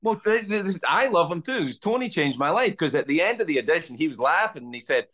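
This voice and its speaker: Lively Scottish man telling stories. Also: fairly high pitch, brisk, few pauses. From Scotland. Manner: animated, swearing storyteller acting out voices. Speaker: guest comedian. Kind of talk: casual podcast storytelling.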